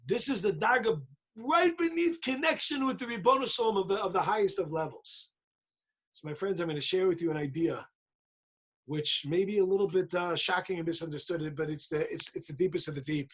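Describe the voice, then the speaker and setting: A man gives a lively Torah talk over a video call, playful and emphatic, acting out the voices in his story. His voice sits high and sounds husky. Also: fairly quick. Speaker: rabbi giving a daily talk. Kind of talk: animated Torah talk with a joke.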